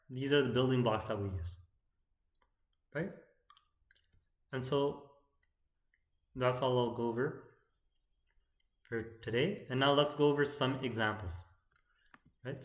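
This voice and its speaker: A man teaching poetic meter in an explanatory lecture, often checking in with "right?" and chanting verse lines slowly. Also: mid-range voice, echoey room. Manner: keeps asking "right?" as he explains.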